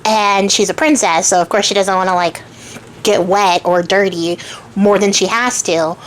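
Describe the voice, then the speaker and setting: A woman's voice: mid-range voice, steady tone, normal speed, a little hiss or hum, rough recording. A woman retelling a fairy tale for her craft channel in a casual, chatty way, full of joking asides and digressions. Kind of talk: casual storytelling.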